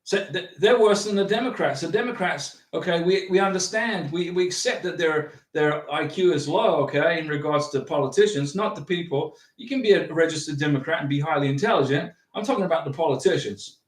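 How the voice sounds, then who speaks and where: A man hosting a livestream, chatting casually and reading out viewer comments in an animated, rambling way with many restarts. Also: fairly high pitch, fairly quick, few pauses, far from the mic. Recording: roomy echo, from off the mic.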